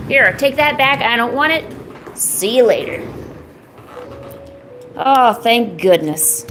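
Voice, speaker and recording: A woman's voice: fairly high pitch, lively intonation, measured pace, long pauses, background noise. A woman streaming casually while drawing, chatting playfully to her cats.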